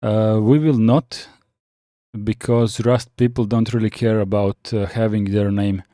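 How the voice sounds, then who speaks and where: A man chatting casually on a live stream, reading out viewer comments and answering with frequent pauses and restarts. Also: fairly low pitch, fairly even intonation, mellow, no echo, studio quality. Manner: halting, many fillers and restarts, reads chat aloud.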